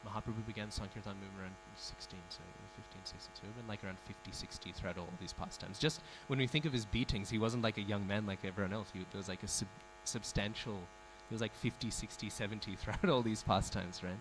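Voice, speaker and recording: A man's voice: lowish voice, steady tone, fast, few pauses, background noise. A man giving a devotional class in a temple, telling a story, acting out the quoted speech and asking the audience questions. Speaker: speaker giving a scripture class. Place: temple hall.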